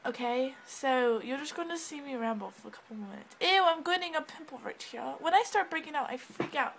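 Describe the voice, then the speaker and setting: Her voice is high, bright and forceful, animated and a little fast with few pauses, captured on a low-quality recording. The vlogger is at home indoors with a cat, rambling to her camera in a put-on English accent, scattered and bubbly, prone to giggles and self-interruptions.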